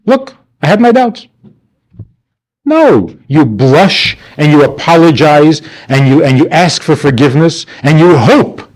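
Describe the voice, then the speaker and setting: Man, rabbi, lecturing a class, wide-ranging lively pitch, rhetorical questions, acts out quoted voices. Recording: archival 1992 class recording.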